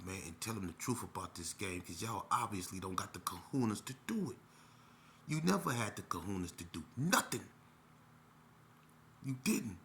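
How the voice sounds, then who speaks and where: A middle-aged man tells his own story off the cuff, in a low, forceful voice. His delivery is blunt and streetwise, and he rambles and restarts his sentences as he goes. A faint hum of ambient sound sits behind him. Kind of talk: unscripted personal storytelling.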